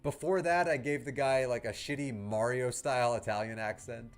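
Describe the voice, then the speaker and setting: A man's voice: medium pitch, fairly even intonation, normal speed. A man streaming a game, chatting casually with viewers, with lots of fillers and laughs. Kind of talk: casual livestream chat.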